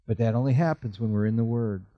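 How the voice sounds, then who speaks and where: In a muffled recording, a middle-aged man delivers a sermon at a quick pace. The pastor is earnest, voicing Bible characters and letting his pitch climb as he does.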